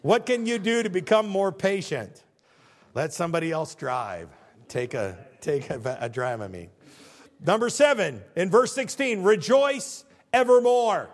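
A man's voice: fairly high pitch, big pitch swings, a little slow. A man in his fifties, a pastor giving a conversational sermon full of jokes and rhetorical questions.

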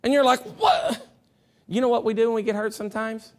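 A middle-aged man preaching a sermon as pastor, mixing folksy storytelling with impassioned passages that rise to shouts. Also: high voice, fairly even intonation, racing. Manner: impassioned, rising to shouts at peaks.

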